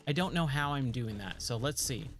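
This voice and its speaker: A man's voice: mid-range voice, animated, moderate pace, fairly bright tone, faint music behind. A man streaming a video game, chatting and joking to himself and his viewers as he plays. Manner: chatty, joking, talks to himself while playing. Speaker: gaming streamer. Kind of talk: casual let's-play commentary.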